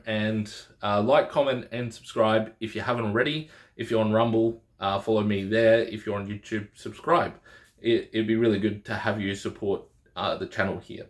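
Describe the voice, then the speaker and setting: A man's voice: fairly low pitch, echoey room. A man teaching a recorded language lesson, explaining patiently and checking in with frequent "okay"s, possibly. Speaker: Greek teacher. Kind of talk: video lesson.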